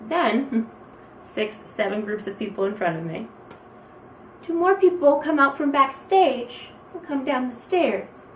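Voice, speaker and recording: A young woman vlogger telling a story fast and excitedly, acting out her own thoughts as she goes. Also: high voice, slight background noise. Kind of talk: casual storytelling. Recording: roomy, distant from the mic.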